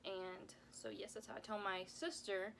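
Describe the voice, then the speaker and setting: A woman's voice: medium pitch, level tone, normal speed, gravelly, a bit bright, a little hiss or hum. A young woman in her twenties telling a casual story time vlog, rambling and heartfelt, with lots of "like"s. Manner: rambling and heartfelt, full of "like"s, close to tears at times. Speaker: mom vlogger.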